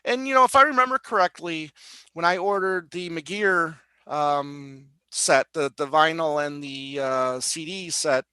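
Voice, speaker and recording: Man, podcast co-host, relaxed casual chat, bright tone, dry sound. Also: on the high side, unhurried, clear, resonant tone, no room sound, low-quality recording. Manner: relaxed, agreeable, lots of fillers and backchannels.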